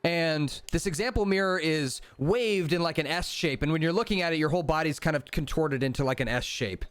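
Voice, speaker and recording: A man's voice: a little high, brisk, a bit bright, smooth, no room sound. A man narrating a tabletop game as game master, casual and rambling with many fillers.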